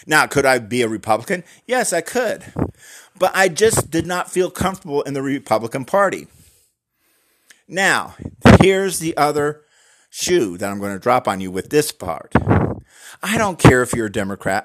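A man giving an earnest, emphatic opinion talk, speaking directly to the listener and slowing down to stress key words. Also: medium pitch, fairly bright tone, a little hiss or hum. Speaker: Christian commentator on voting.

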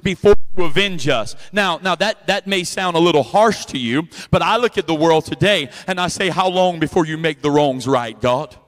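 High-voiced preacher guy at a revival, goes loud then real quiet, church mic. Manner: loud, impassioned, swings between shouting and quiet asides; repeats words in rapid runs. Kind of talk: sermon. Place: church sanctuary with a sound system. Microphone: handheld or stand microphone, volume adjusted by the sound man.

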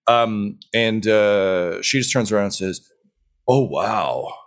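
A man running a tabletop game as dungeon master, narrating in a rambling, filler-heavy way. His voice sits on the low side. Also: fairly even intonation, unhurried, clear, resonant tone.

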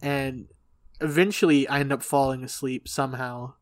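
A man's voice: medium pitch, steady tone, moderate pace, dry recording. A young man telling a long story in casual podcast chat, rambling and swearing, often laughing. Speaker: podcast co-host.

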